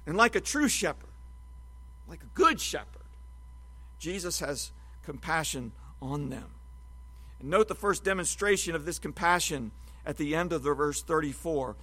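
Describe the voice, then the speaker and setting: A man preaching an expository Bible sermon, teaching in a measured, emphatic way. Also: a little high, expressive, bright, forceful tone.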